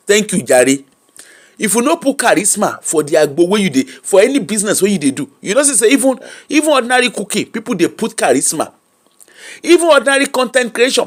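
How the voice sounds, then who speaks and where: A Nigerian man runs a gossip commentary livestream in a high, lively voice that swoops up and down. He is animated, laughs often, and breaks off to thank viewers by name. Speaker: host.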